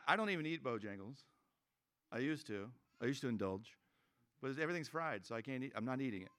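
A man's voice: medium pitch, a bit bright, clear, resonant tone. A man preaching a sermon as pastor, conversational and joking, acting out quoted voices.

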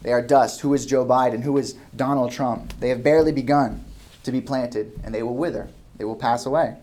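Man preaching with loud emphatic questions. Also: medium pitch, fairly even intonation, fairly quick. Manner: rises into loud emphatic questions, drops to soft asides. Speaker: pastor. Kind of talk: sermon. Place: church hall with a ceiling.

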